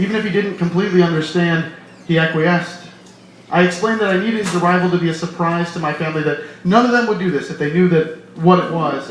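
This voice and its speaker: A man reading his fiction aloud at a live event, with measured, quiet narration. His voice is a little higher than usual for a man. The very echoey bar room carries a faint murmur of ambience behind him. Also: slight background noise. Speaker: author reading his novel. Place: bar hosting a reading series.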